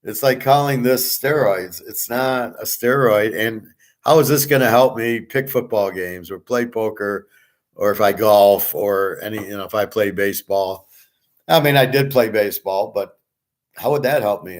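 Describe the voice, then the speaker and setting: A middle-aged show host with a lowish voice at normal speed delivers a casual monologue answering viewers, blunt and swaggering, swearing freely.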